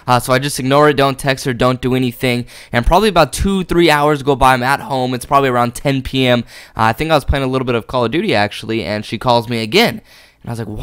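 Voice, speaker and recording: Fast-rambling young man telling a story. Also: mid-range voice, a bit bright, clean tone, dry recording, studio quality. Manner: rambling, lots of "uh" and "like", chuckles as he tells it. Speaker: gaming YouTuber. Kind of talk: casual storytelling vlog.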